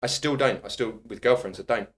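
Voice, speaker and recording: Animated man telling a story. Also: mid-range voice, brisk. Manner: animated, swearing, laughing storyteller. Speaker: podcast guest, personal trainer. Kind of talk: casual anecdote telling.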